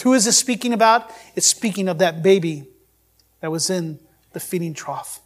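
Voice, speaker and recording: A man's voice: sits high, normal speed. A man preaching a sermon, reading scripture aloud and asking his listeners questions. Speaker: pastor.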